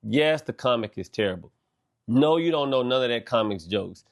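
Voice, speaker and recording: A middle-aged man hosting a podcast, delivering a loose, animated monologue full of slang and swearing. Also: mid-range voice, moderate pace, gravelly. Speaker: podcast host. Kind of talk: casual monologue.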